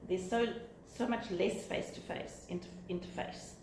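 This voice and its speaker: A woman taking part in a class discussion, talking in quick, chatty bursts. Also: medium pitch, steady tone, vocal fry, darkish tone. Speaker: class participant. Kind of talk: group discussion. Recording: echoey room with background hiss.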